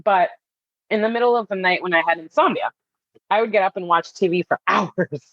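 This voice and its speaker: A woman coaching on wellness in a relaxed podcast chat, animated and salty, slipping into little voices to act things out. Her voice sits at a middling pitch. The recording is dry and slightly muffled, like a lo-fi mic. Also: a little fast, no echo. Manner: animated, swears freely, acts out inner voices. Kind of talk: casual podcast conversation.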